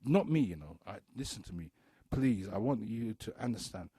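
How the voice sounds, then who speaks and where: A man's voice: on the low side, lively intonation, moderate pace, mellow, husky, no room sound. A man hosting a radio talk show, ranting bluntly with profanity and hammering home repeated rhetorical questions. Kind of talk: impassioned radio monologue.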